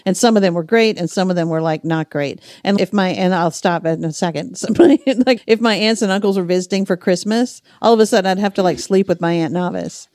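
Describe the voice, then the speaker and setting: A woman with a faint Southern US accent, hosting a podcast and telling family stories in an animated, casual way. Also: fairly low pitch, brisk, hardly any pauses, no room sound, clean studio sound. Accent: slight Southern US. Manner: animated storyteller, acts out family members' voices. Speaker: podcast host. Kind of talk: casual chat.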